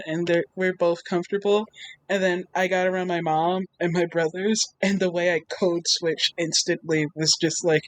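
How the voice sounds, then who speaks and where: A young adult artist, a guest in a casual interview, telling stories in a lively way and acting out past reactions. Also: mid-range voice, a little hiss or hum, rough recording. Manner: animated storytelling, acts out own past reactions.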